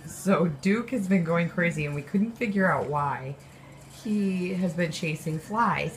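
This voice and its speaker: Mom vlogging on a handheld cam, kinda low voice, chatty and teasing, noisy background. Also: female voice, measured pace. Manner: chatty, teasing, talks straight to viewers. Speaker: family vlogger and mother. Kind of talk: casual family vlog chat. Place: home and grocery store, handheld camera. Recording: handheld camera with background noise.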